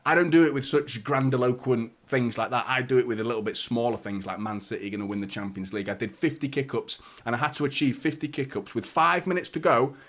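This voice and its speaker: Bloke streaming a footy watchalong, chatty, greets the chat, swears a lot, medium voice. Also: male voice, mid-range voice, fast talker, hardly any pauses, fairly bright tone. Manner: chatty, greets viewers by name, swears casually. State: a little out of breath. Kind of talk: casual live stream chat.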